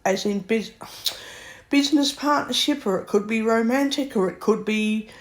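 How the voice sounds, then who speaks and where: A woman's voice: on the high side, normal speed. A woman, bluntly ranting to camera in a vlog. She sounds exasperated, swears freely and keeps circling back over her points. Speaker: vlogger. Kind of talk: ranting monologue.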